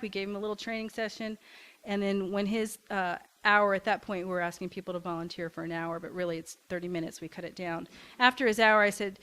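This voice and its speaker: A woman's voice: medium pitch, steady tone, a little fast, clear, resonant tone. A middle-aged woman from Kentucky, founder of a community café, giving a talk and telling a story with frequent "um"s and restarts. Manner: warm storytelling with hesitant fillers. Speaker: nonprofit café founder and director. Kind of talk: talk to a congregation.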